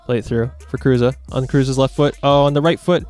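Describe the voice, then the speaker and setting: A young man giving casual, excitable commentary over his own football video game match, reacting loudly to the plays. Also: mid-range voice, brisk, faint music behind. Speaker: gaming YouTuber.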